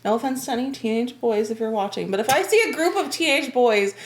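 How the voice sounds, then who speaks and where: A woman's voice: fairly high pitch, lively intonation, fast, reverberant. An American woman from the United States co-hosting a casual reaction chat, giggling and exclaiming as she talks. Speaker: reaction channel co-host.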